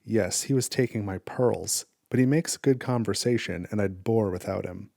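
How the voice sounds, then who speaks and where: A man voicing a cruel male shadow creature, read aloud quietly from a game book with low menace. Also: moderate pace, vocal fry, no room sound, clean studio sound. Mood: mocking menace. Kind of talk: reading a storybook game aloud.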